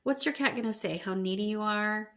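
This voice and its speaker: A woman co-hosting a podcast in casual chat, reacting quickly and laughing often. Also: medium pitch. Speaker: podcast co-host.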